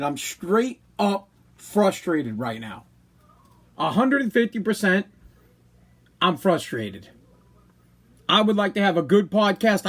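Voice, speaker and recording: A man, hosting his own live-stream podcast and venting in a frustrated, rambling way that repeats his words. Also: high voice. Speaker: podcast host.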